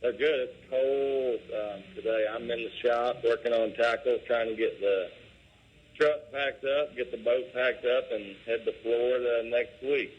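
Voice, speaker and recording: A man, a professional angler, answering interview questions in a relaxed, rambling, plainspoken way from his workshop. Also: mid-range voice, unhurried, breathy edge, lo-fi sound. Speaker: guest, pro bass angler.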